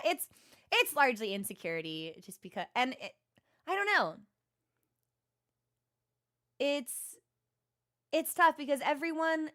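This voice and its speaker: A young woman talks casually to her stream chat with a slightly high voice. She rambles, second-guesses herself and restarts her sentences, self-deprecating throughout. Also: fairly bright tone.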